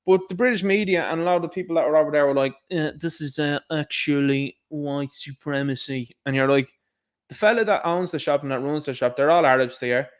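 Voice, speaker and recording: A man's voice: fairly high pitch, fast. Sarcastic Irish man ranting casually. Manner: sarcastic, rambling, with asides. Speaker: commentary show host. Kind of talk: casual opinion commentary.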